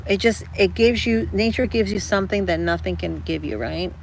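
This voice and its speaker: Woman, gravelly voice, casual live chat, rambling, talks to viewers as girl and guys. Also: medium pitch, moderate pace, a little hiss or hum, low-quality recording. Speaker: livestream host chatting with viewers.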